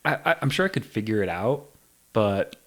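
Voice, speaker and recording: A man in his forties hosting a podcast, talking in a relaxed way and trailing off softly at the ends of thoughts. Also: lowish voice, brisk. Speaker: podcast host. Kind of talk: casual conversation.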